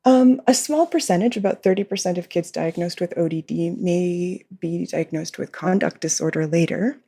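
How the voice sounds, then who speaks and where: A woman's voice: lowish voice, moderate pace, gravelly, dark tone, breathy edge. A woman, a behavior consultant, answering interview questions in a podcast and explaining at length, often giggling between points. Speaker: behavior consultant and author, guest.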